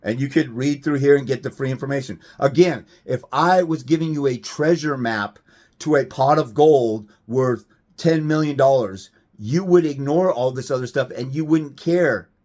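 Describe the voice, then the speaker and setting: A man's voice: medium pitch, moderate pace, darkish tone. A man giving a blunt, profane, combative rant to camera as a fathers' rights advocate, firing off rhetorical questions.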